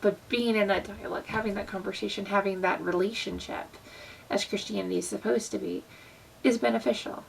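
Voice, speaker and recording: A woman's voice: medium pitch, steady tone, a little fast, gravelly, recorded from a distance, a little hiss or hum, poor audio. A young woman talking in a casual, earnest vlog style about faith, with plenty of fillers. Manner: earnest, conversational, many fillers. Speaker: Christian vlogger. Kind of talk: casual devotional vlog talk.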